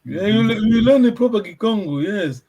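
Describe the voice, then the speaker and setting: A man's voice: high voice, animated, fairly quick, darkish tone. A man teaching a language lesson over a video call, patiently checking that his students follow.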